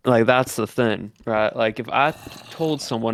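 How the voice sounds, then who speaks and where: A man's voice: medium pitch, normal speed, clear, resonant tone. Texas-born man holding a Southern drawl. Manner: talking in a practiced Southern drawl. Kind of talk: casual stream chat.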